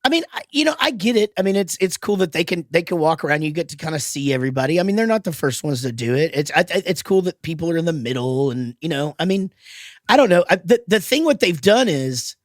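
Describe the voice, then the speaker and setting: A man's voice: a little high, sing-song, quick pace, dry recording. Man, podcast host, casual rambling chatter, dry close sound. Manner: rambling, many restarts, swears freely. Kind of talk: casual chat.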